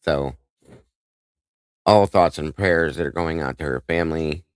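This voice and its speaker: Very deep-voiced emotional livestream host. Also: male voice, smooth, dry recording. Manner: emotional, halting, with many restarts; warm greetings to chat viewers by name. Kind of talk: emotional live-stream chat.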